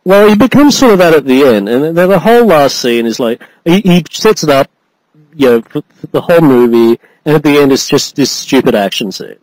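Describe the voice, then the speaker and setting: Man, podcast co-host, casual swearing rant, high voice, very lively intonation. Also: a little fast, no room sound, rough recording. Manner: animated, swearing, laughing rant. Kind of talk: casual chat.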